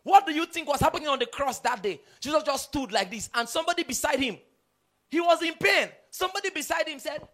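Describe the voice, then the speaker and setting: A male preacher delivers an emphatic sermon with an unusually high voice. His tone is bright and forceful, and it swings between loud bursts and low, quiet passages. He keeps checking that his listeners are following. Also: lively intonation, quick pace.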